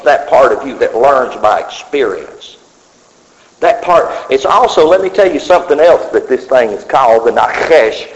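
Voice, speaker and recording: Man preaching an animated sermon in a reverberant hall. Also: medium pitch. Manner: preaching with sudden drops to a whisper. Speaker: pastor. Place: church sanctuary. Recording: dull sound with long hall reverb.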